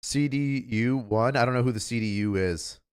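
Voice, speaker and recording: A man's voice: mid-range voice, moderate pace, clean tone. A man hosting a livestream, chatting casually in a rambling, offhand way. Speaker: livestream host.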